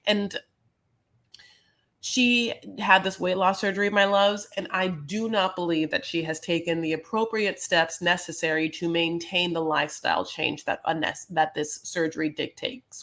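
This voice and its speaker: A woman with a crisp, bright voice recapping a reality show on a podcast. She talks in a loose, sassy, chatty way, tossing in pet names for her listeners. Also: fairly low pitch. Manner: chatty, sassy, calls listeners "honey" and "my loves". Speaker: podcast co-host. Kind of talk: casual reality-TV recap chat.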